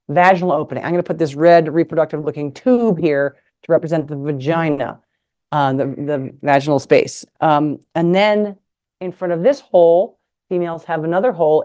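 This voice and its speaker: Over a video call, a retired nurse and sex ed teacher, a middle-aged American woman with a low, mellow voice, gives a live talk using props on her table indoors. She's frank and playful, joking through the lesson, and the recording sounds muffled.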